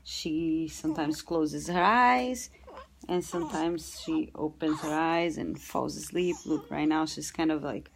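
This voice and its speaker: Slow, gentle low-voiced woman. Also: gravelly, a little hiss or hum. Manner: gentle, unhurried, with many pauses and restarts. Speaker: vlogger and new mother. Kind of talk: casual parenting advice vlog.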